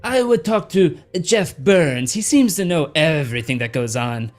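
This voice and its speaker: A man voicing a small, polite male alien guide who speaks slowly and deliberately. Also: on the high side, animated, faint music behind, pitched above the performer's own voice, lightly acted. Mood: helpful.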